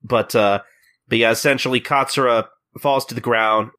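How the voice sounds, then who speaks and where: A man hosting a podcast, retelling a manga chapter in casual chat and slipping into quick character voices. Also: medium pitch, fairly even intonation, bright, forceful tone. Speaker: podcast host.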